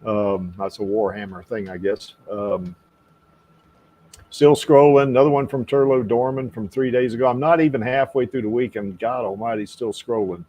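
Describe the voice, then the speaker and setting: A man's voice: medium pitch, normal speed, darkish tone. A man hosting a casual livestream podcast, rambling with lots of fillers and frequent laughs. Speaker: podcast host.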